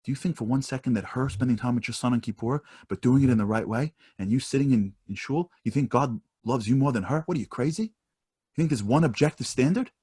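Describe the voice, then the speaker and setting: A man's voice: mid-range voice, brisk, darkish tone, slightly rough, close to an everyday voice. A man voicing a blunt older rabbi who scolds in disbelief, close to his own voice. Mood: incredulous. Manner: incredulous, scolding.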